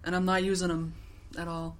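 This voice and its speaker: A woman's voice: lowish voice, flat delivery, fairly quick, a little hiss or hum. A woman co-hosting a casual podcast chat, rambling and laughing often, swearing now and then. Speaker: podcast co-host.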